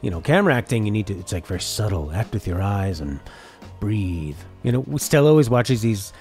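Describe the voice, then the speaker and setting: A man's voice: on the low side, animated, fairly quick, a little mellow, soft background music. A man streaming a casual reaction chat, talking things over and reading viewer comments aloud before answering them. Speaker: streamer reacting to a game showcase.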